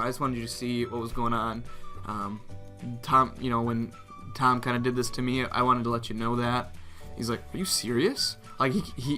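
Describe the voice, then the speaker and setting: A young man casually telling a prank story as a vlogger, laughing often and acting out what others said. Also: medium pitch. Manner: animated, laughs often, reenacts others' lines.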